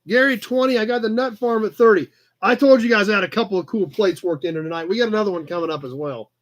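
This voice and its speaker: A man's voice: sits high, fast. A man hosting a casual livestream auction, chatty and upbeat as he calls out bids. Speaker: live auction host.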